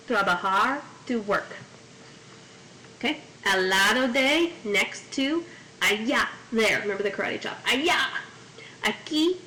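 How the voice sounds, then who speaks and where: A woman teaches a Spanish vocabulary lesson to a class, reading each phrase in Spanish and then English and adding memory tips. Her high-ish voice sounds pushed and bright. The low-quality corded-mic recording carries a little hiss or hum.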